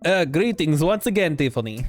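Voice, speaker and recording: A man's voice: a little high, expressive, normal speed, faint music behind, natural voice. A man voicing a pompous, theatrical goth neighbor with a grandiose made-up accent. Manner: grandiose, flowery put-on accent.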